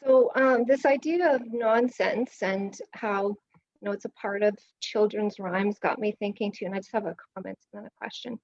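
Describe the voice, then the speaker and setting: A woman with a mid-pitched voice who lays out her point in a measured, explanatory way. The sound is dull and dry, like muffled video-call audio. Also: darkish tone, dry recording. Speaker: conference attendee asking a question.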